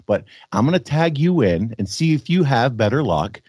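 An upbeat man hosting a podcast, chatting casually with a slightly froggy morning voice. His pitch moves around a lot as he talks. The sound is close and dry, with no room around it. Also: sing-song, moderate pace, hardly any pauses, darkish tone, breathy edge, no echo. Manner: upbeat, laughs easily. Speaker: podcast host.

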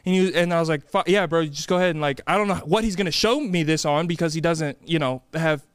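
A young man with a fairly high, smooth and clean voice, recorded dry and close on a studio mic. He co-hosts a podcast and tells a rambling story in easy, casual chat, slipping into the voices of the people he quotes. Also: fast, dry recording. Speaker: podcast co-host.

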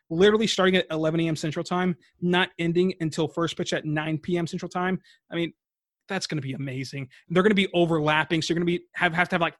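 A man's voice: on the high side, fairly bright tone, dry recording, clean studio sound. A man who is a guest on a sports podcast, chatting enthusiastically. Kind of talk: casual sports podcast chat.

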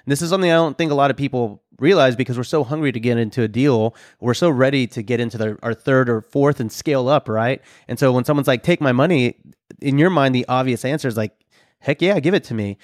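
A man hosting an interview, chatting in a relaxed, conversational way. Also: mid-range voice, quick pace, hardly any pauses, dry recording, clean studio sound. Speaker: host. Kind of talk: casual interview chat.

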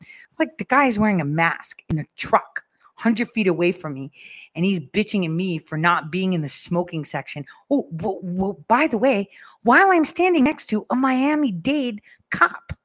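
A woman's voice: medium pitch, fairly bright tone. A woman telling a story in a casual, sarcastic rant, swearing freely and acting out what others said.

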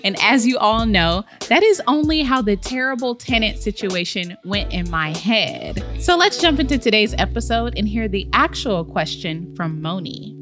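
A woman's voice: medium pitch, animated, moderate pace, few pauses, fairly bright tone, soft background music. A woman hosting a comedic advice podcast, talking sassy and playful and laughing at her own jokes. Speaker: podcast host.

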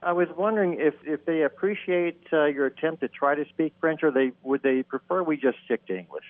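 A man's voice: a little high, fairly quick, no room sound. A man from Texas calls in to a radio show, with a casual, self-deprecating way of telling his story. The phone line is tinny and narrow, and the voice sounds dry and close. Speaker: caller.

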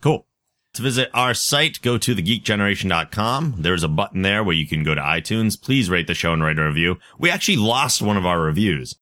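A man hosting a podcast in casual chat, talking in a relaxed, chatty way and reading out plugs and contact details. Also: deep voice, brisk. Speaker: podcast host.

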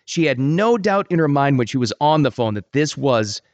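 Male podcast host, lively swooping pitch, emphatic, dry close sound. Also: moderate pace, no echo, dull audio. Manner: animated, emphatic, drops low for weight. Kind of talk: casual podcast monologue.

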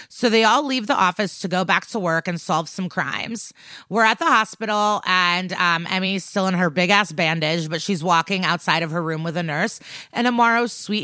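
A woman's voice: lowish voice, sharp tone, no room sound, clean studio sound. A woman co-hosting a podcast, casually retelling a TV episode and tossing off the characters' lines as she goes. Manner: brisk retelling, acts out quotes in passing. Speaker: podcast co-host recapping a TV episode. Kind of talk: casual chat recap.

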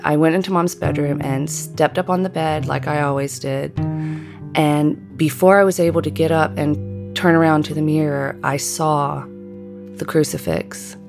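A middle-aged woman narrating a personal story in a measured, deliberate way. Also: low voice, steady tone, vocal fry. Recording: guitar music underneath.

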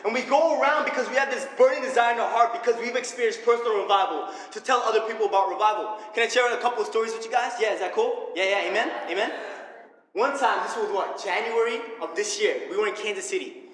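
Young man, preacher, high bright voice, energetic, echoey hall. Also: quick pace. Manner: energetic, animated, laughs often. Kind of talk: sermon with personal stories. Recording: echoey hall with faint ambience.

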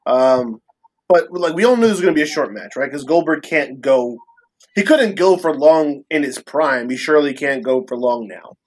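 A man's voice: a little high, lively intonation, normal speed. A man in casual chat who asks earnest questions about a wrestling match. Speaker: wrestling podcast co-host.

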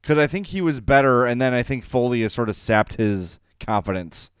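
Male podcast co-host, rambling and self-mocking, smooth resonant voice. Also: medium pitch, expressive, moderate pace, no room sound, clean studio sound. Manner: rambling, self-deprecating, laughs often. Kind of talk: casual chat.

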